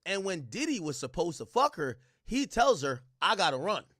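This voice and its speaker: Stream host, male, profane and incredulous, animated delivery with a dry sound. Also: high voice, moderate pace, dry recording. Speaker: livestream host reading court testimony. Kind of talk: casual commentary livestream.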